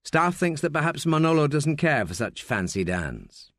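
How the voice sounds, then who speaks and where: A man's voice: on the high side, dry recording, clean studio sound. A man reading an audiobook as narrator, voicing the characters as he goes. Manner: slow, lively reading with voiced characters. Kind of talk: scripted narration.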